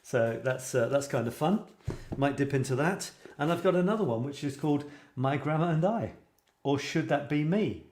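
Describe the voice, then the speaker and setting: A man's voice: fairly high pitch, lively intonation, moderate pace, a little mellow, slight background noise. Chatty man in an echoey room. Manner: chatty, lots of fillers and restarts; reads light verse playfully. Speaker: host. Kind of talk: casual chat and reading poems aloud.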